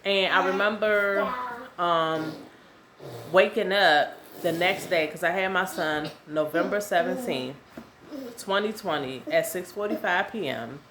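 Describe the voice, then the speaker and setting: A woman's voice: lowish voice, a little slow, a crowd in the background. Chatty young woman telling a story. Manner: chatty, repeats herself, lots of "um" and "y'all". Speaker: vlogger. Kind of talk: casual storytelling to camera.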